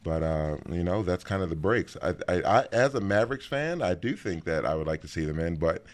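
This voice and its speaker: Low-voiced guy on a sports show, rambly and jokey, voice swooping all over. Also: a little fast. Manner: rambling, playful, lively pitch swings. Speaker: co-host. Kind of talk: casual sports chat.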